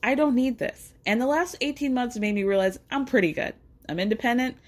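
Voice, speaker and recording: A woman's voice: a little high, fairly quick. A woman casually recapping a reality show, sassy and profane, acting out the people she quotes.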